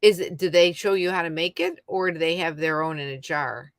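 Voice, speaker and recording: Her voice sits low and moves a little fast as this middle-aged woman rambles through a home YouTube livestream, chatting with viewers by name. The audio is dry and studio-clean.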